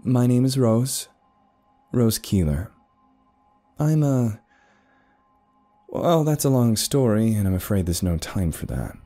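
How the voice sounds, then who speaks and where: A young American woman speaks in a sweet, reassuring voice, put on by a male narrator. She stays firm and composed, her tone lifted high and bright. Faint music hums behind her. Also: lively intonation, slow pace, pauses often. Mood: polite.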